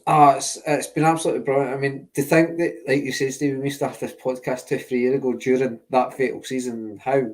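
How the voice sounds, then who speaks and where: A man co-hosts a casual podcast, talking quickly and keenly and doubling words for emphasis. His pitch stays flat, with little rise and fall. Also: low-quality recording. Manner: enthusiastic, repeats words for emphasis. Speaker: podcast co-host. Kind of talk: casual chat.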